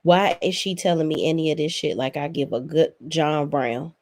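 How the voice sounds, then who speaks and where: A woman hosts a casual reality-TV recap in a fairly low voice. She is blunt, sassy and profane, and she talks straight at the people on the show. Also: moderate pace, darkish tone, slight background noise. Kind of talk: casual opinionated recap commentary.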